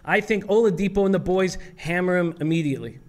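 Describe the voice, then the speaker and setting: A man co-hosting a sports betting show, giving his picks and reeling off statistics in a steady, prepared way. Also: high-pitched, fast.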